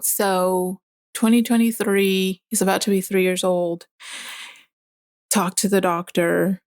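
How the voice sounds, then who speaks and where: A woman's voice: mid-range voice, level tone, slow pace, darkish tone, dry recording, clean studio sound. A young woman, a mother, speaking candidly in casual conversation with many fillers. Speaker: guest.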